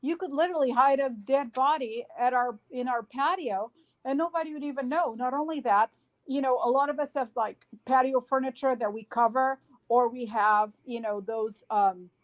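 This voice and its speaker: A woman guest on a podcast, retelling events in an animated way with frequent restarts and fillers. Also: sits high, normal speed. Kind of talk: casual podcast discussion.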